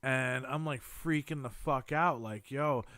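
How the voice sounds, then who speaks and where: A man, a podcast guest, casually telling profane, animated stories with lots of slang. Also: mid-range voice, measured pace, no echo. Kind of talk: casual storytelling chat.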